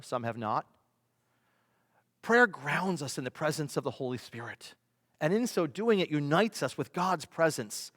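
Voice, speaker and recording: A man, a pastor, preaching a sermon with emphatic delivery, rhetorical questions and swings between loud and soft. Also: mid-range voice. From United States. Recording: long reverb of a large hall.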